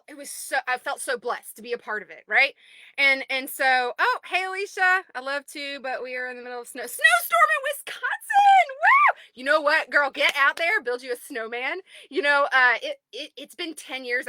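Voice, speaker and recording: A woman in her thirties, the owner of an online group, chatting excitedly on a livestream from home and greeting viewers by name. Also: sits high, no echo. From United States. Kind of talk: casual livestream chat.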